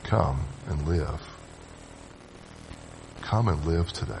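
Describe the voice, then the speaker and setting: A man preaching a sermon to his congregation. His voice swings from loud urging to hushed, low phrases, and he calls on the listeners to answer him. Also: expressive, slow pace, gravelly, noisy background. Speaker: pastor. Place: church sanctuary with long reverb. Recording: reverberant church hall sound.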